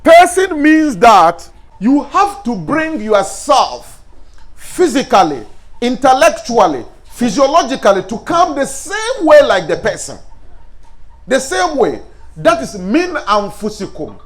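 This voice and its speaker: A man's voice: very high voice, big pitch swings, takes it slowly. A man giving a lecture as an Islamic teacher, asking the class questions and answering them himself.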